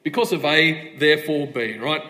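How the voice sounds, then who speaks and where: A man delivers a sermon with a slightly raised pitch. He presses his points through repeated rhetorical questions and firm stress, addressing the congregation directly. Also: normal speed, pushed and bright. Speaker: preacher.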